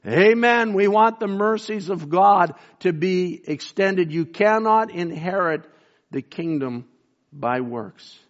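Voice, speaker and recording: A preacher man delivering a sermon in a somewhat high voice. He swings from fervent, raised emphasis down to low, slow, hushed lines. The recording sounds dull and lo-fi. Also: expressive.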